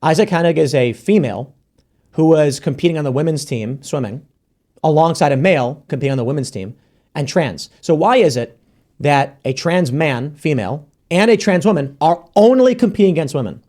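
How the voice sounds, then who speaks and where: A male podcast host with a slightly raised pitch speaks bluntly and casually. He swears freely and jumps into animated voices to quote people during the conversation. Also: a little fast. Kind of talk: casual talk-show conversation.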